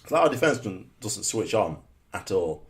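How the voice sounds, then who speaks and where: Deep-voiced man commentating gameplay. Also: moderate pace. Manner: muttered rhetorical asides with sudden excited shouts. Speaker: gamer commentating his own match.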